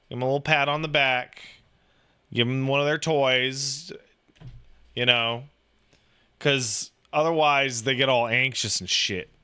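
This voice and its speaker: A man in his thirties chatting casually about raising a baby, profane and animated, full of "like" and restarts. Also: medium pitch, clean tone. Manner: profane, animated storytelling with lots of "like". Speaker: podcast talker, new father. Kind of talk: casual chat.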